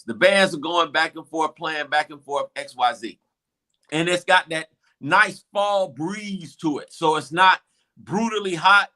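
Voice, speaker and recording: A man, hosting a show and excitedly retelling a football game, acting out the crowd's reactions. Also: on the high side. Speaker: show host. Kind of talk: animated game recap.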